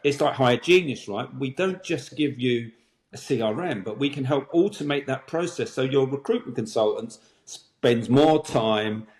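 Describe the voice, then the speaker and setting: A man's voice: medium pitch, lively intonation, moderate pace, a little mellow, reverberant. A man talking as a podcast guest in a conversational interview, making emphatic points and often ending them with a tag question.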